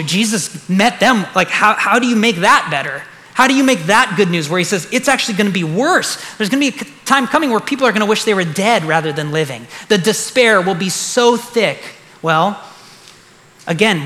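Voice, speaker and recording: A man's voice: high-pitched, bright, forceful tone. A man preaching a sermon as a pastor, earnest and emphatic, repeating key phrases for weight. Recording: long reverb of a large hall.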